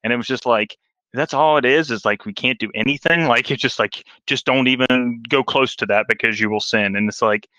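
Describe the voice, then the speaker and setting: A man talking casually on a Christian podcast, animated and telling stories with acted-out quotes. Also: mid-range voice, fairly quick, dry recording, low-quality recording. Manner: animated storyteller, acts out quotes.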